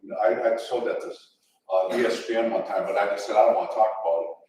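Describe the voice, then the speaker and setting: A man's voice: lowish voice, fast, dark tone, a little hiss or hum. An older man telling rambling, chuckling football stories to a luncheon audience, with many restarts. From Detroit area, USA. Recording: echoey event hall, distant mic.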